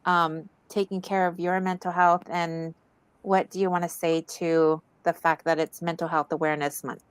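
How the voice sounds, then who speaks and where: Smooth-voiced woman sharing heartfelt advice. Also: fairly low pitch, little pitch movement, normal speed, dry recording. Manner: earnest, personal, encouraging. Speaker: wellness event co-host. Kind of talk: heartfelt community talk.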